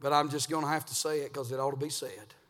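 A man preaching a revival sermon in a church, swinging between hushed, intimate talk and loud, shouted preaching. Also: fairly high pitch, steady tone, fast talker, long reverb tail. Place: church sanctuary.

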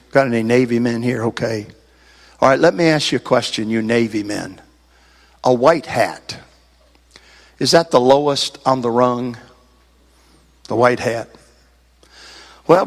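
A man's voice: medium pitch, gravelly. Man preaching a folksy story sermon. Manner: folksy storyteller rising to shouted fervor. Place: church service.

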